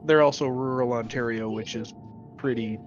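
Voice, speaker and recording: A man's voice: medium pitch, fairly even intonation, moderate pace, dull audio, faint music behind. A Canadian man chatting casually over voice chat, laid-back and patient in his explanations. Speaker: friend on voice chat.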